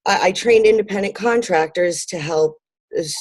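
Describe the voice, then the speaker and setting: A woman's voice: medium pitch, moderate pace, breathy edge, dry recording. A woman being interviewed about her marketing business, talking casually with frequent fillers and light laughs. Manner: lots of ums and fillers, laughs easily. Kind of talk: conversational interview.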